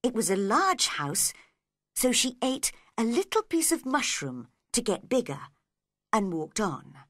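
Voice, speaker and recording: A woman reading a storybook aloud slowly and clearly for learners. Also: fairly high pitch, no echo, clean studio sound. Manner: slow, clear, lively reading. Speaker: reader. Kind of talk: storybook read-along narration.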